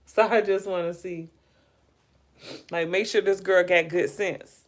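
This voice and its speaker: Tired and yawning often, a woman hosts a laid-back livestream full of celebrity gossip, wondering aloud and addressing viewers. Her pitch is fairly low, her delivery unhurried, and her intonation fairly steady.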